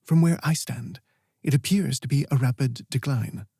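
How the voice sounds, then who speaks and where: A man's voice: medium pitch, normal speed, mellow, slightly rough, no room sound, studio quality. A male audiobook narrator voicing a stern, formal female guardian who speaks firmly. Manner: firm and formal. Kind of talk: audiobook character voice.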